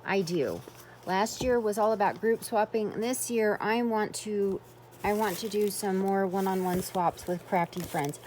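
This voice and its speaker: A woman's voice: medium pitch, unhurried, darkish tone, a little hiss or hum. A woman vlogging as she unboxes a craft swap, gushing with effusive exclamations in casual chat.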